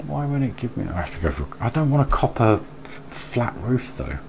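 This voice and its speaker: A man's voice: mid-range voice, very animated, normal speed, vocal fry, background noise. A man live streaming a building game, chatting casually, reading and answering his chat aloud and muttering to himself as he works.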